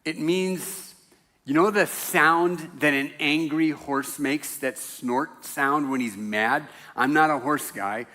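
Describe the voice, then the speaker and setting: A man's voice: on the high side, takes it slowly, pushed and bright, big-room sound. A man preaching a sermon in a church, talking in a loose, conversational way with self-deprecating jokes. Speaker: pastor. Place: church sanctuary.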